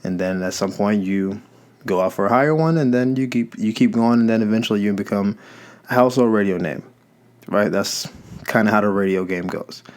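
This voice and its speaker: A man's voice: fairly low pitch, brisk. A young man hosting a podcast, talking in a casual, reflective monologue that rambles and corrects itself. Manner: conversational, rambling, self-correcting. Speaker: podcast host. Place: Los Angeles.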